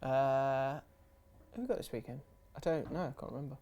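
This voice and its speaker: A young man, co-hosting a casual football podcast, telling stories with quick sweary asides. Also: mid-range voice. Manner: animated storytelling, laughs, quick sweary asides. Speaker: podcast co-host.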